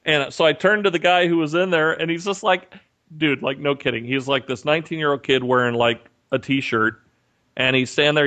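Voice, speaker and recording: Animated male podcast storyteller. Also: on the high side, highs cut off. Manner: animated storyteller, acts out quotes. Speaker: podcast co-host. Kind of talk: casual storytelling chat. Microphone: remote call mic.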